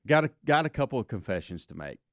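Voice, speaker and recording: A man hosting a casual morning radio show, rambling through stories in a relaxed way. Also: medium pitch, fast, dry recording. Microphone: studio microphone.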